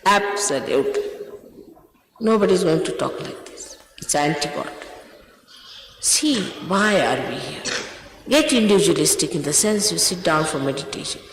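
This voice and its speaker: A woman gives a spiritual talk, sternly scolding her followers. Her pitch swings widely from phrase to phrase. The recording rings with the long echo of a large hall. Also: expressive, normal speed, pauses often, slight background noise. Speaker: spiritual teacher.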